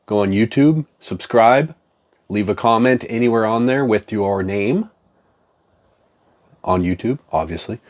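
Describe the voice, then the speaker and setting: Man, low voice, animated pitch, profane, rambling casual chat. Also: a little slow, pauses often. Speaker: comic collector and vlogger.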